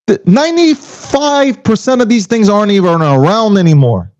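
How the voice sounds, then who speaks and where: This crypto commentator's voice is high, expressive and a little mellow, moving at a moderate pace with few pauses. He rants heatedly and casually, swearing and firing off emphatic rhetorical questions. The audio is dull and lo-fi.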